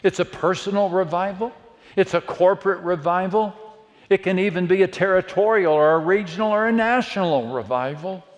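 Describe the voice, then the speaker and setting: A man preaching a sermon to a church, dramatic, swinging from hushed words to loud calls. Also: high voice, normal speed, dull audio. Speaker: pastor. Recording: long reverb of a church hall.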